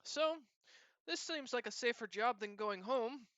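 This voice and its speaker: A man's voice: very high voice, measured pace, sharp tone, no room sound, dull audio, pitched above the performer's own voice, full character voice. A man voicing a cheerful, catlike female bodyguard and former clan nursemaid who talks eagerly.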